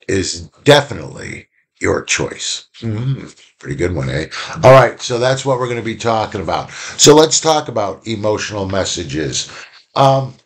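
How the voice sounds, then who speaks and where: Man giving a chatty lecture, deepish voice. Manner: conversational, many fillers and restarts, acts out quoted speech. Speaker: communication instructor. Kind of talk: informal lecture.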